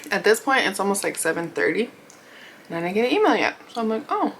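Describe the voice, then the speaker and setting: Over poor audio with a little hiss or hum, a young woman mukbang vlogger rambles through a story as she eats, saying "like" a lot, laughing and performing quoted dialogue. Her mid-range voice is a bit bright and sing-song, and she talks quickly.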